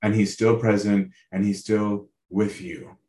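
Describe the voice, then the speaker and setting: A man's voice: fairly low pitch, flat delivery, a little slow, dark tone. A male priest giving a sermon, speaking earnestly and conversationally, often asking his listeners direct questions and checking in with "right?". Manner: conversational, tags lines with "right?". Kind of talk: sermon on a Bible passage. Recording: roomy echo.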